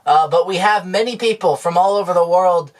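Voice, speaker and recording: A man playing a deadpan male market vendor in an improvised comedy sketch, calm and matter-of-fact. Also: high-pitched, brisk, close to an everyday voice.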